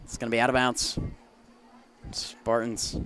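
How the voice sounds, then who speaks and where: A young man giving casual play-by-play commentary on a high school soccer game outdoors, his calls rising with the action. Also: monotone, a little slow, fairly bright tone, slight background noise. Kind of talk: amateur sports commentary.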